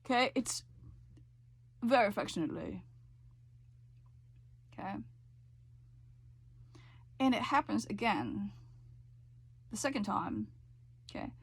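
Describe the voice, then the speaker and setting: A woman's voice: medium pitch, animated, slow pace, long pauses, husky. A woman teaching a voice lesson, coaching with frequent check-ins and sung demonstrations. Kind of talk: singing lesson explanation.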